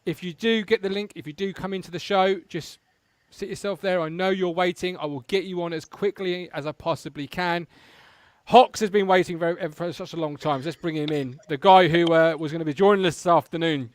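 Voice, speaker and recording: Chatty fan-show host, high voice. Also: male voice, a little fast, dry recording. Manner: relaxed, chatty, laughs along. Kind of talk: live fan show hosting.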